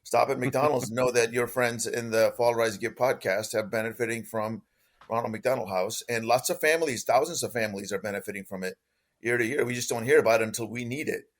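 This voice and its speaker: A man's voice: medium pitch, a little fast. A man co-hosting a podcast who speaks casually and supportively, with many filler "ums". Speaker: podcast co-host.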